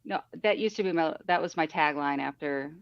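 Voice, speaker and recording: A woman's voice: sits low, brisk, dry recording, muffled recording. A woman co-hosting a podcast in casual chat, blunt and teasing. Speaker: podcast co-host.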